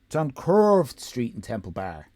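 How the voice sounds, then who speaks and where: A man's voice: mid-range voice, huge pitch swings, a little slow, a little mellow. An Irish man streaming live, giving rambling, sarcastic, profane commentary.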